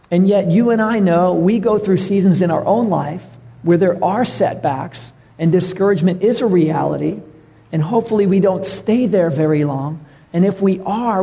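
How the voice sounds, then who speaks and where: A middle-aged man preaching a sermon as a pastor, telling stories and dropping to a soft hush for tender moments. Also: on the high side, vocal fry, husky, big-room sound. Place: church sanctuary.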